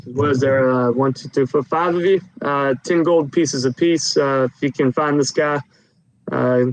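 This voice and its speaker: A man voicing a loud, blustering, heavyset male official who talks crudely in a tabletop game. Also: mid-range voice, moderate pace, slight background noise, lightly acted, rough recording. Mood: grumbling. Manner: gruff, crude, talks loudly.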